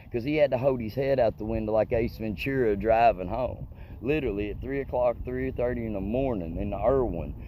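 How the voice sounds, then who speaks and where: A man's voice: medium pitch, fairly quick, lo-fi sound, a little hiss or hum. A man telling a story in a rambling, profane, colloquial way. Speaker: comedic storyteller. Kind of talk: casual storytelling monologue.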